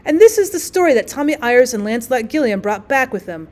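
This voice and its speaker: A woman who teaches, reading a classic short story aloud in steady, clear narration. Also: a little high, quick pace.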